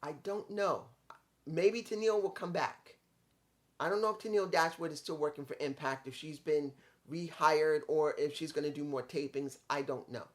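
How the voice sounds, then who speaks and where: A man's voice: fairly high pitch, fairly even intonation, normal speed. A man reviewing a wrestling show in casual, rambling commentary, getting frustrated and stumbling over names.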